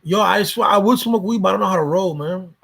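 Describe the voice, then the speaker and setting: A man rambling through a casual vlog, swearing often and doubling back on his words. His voice sits a little high for a man, with a gravelly fry and a raspy, husky edge. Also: quick pace, fairly bright tone. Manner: rambling, profane, repeats himself. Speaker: YouTuber.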